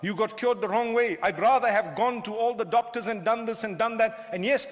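A man preaching to a live crowd with a very high voice for a man, carried by a long hall reverb. He is animated and humorous and keeps throwing questions at his listeners. He is from southern Africa. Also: a little fast. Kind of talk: lecture to a live audience.

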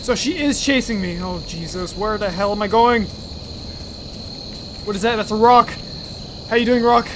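A man's voice: sits high, moderate pace, pauses often, noisy background. A young man commenting as he plays a horror game, jumpy, swearing and screaming whenever he is startled. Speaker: gaming channel host.

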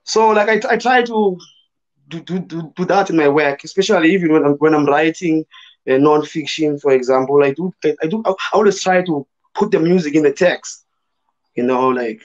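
A man from South Africa with a hoarse voice, talking loosely about his writing as a guest in an online panel, full of fillers like "you know" and "man". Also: fairly high pitch, fairly quick, dull audio. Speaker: guest poet. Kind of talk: casual conversation in a virtual panel.

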